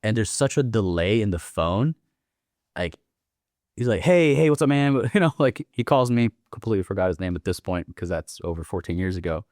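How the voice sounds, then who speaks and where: Veteran man in his thirties, low-pitched, dry and close; laid-back, profane storyteller for an interview. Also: animated, a little fast, darkish tone, dry recording. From Northern California. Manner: laid-back and profane, acts out quoted dialogue. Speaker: podcast guest, military veteran.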